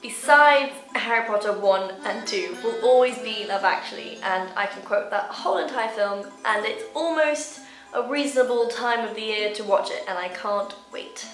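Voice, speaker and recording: With a slightly high, fairly bright voice and a moderate pace, a young Hawaiian woman vlogs casually to the camera, cheerful and joking at her own expense. Faint music plays in a room with noticeable echo.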